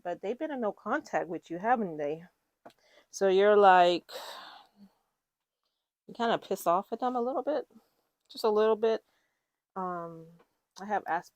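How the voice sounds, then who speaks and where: A woman's voice: mid-range voice, dry recording. A woman giving a casual, rambling tarot reading to her viewers, full of fillers and restarts. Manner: chatty, rambling, with fillers and self-corrections. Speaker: tarot reader.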